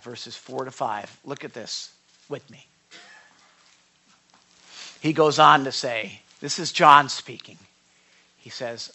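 A man preaching a sermon in a high, bright, forceful voice. He talks with his congregation in a conversational way and keeps checking that they follow. His earnest delivery swells into passionate emphasis. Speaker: pastor.

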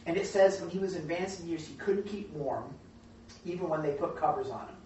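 A Bible study teacher leads a group in a casual, animated way and keeps asking them questions. The voice sits at a middle pitch and carries a strong room echo. It is picked up from a distance with a muffled, dull tone and faint background hiss. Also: brisk. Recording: very echoey room, distant mic, dull sound.

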